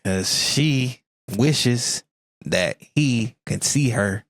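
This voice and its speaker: A man's voice: medium pitch, animated, drawn-out words, no room sound. A man co-hosting a music reaction video, chatting casually and joking, often acting out other people's lines. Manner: joking, acts out quoted people. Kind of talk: casual chat.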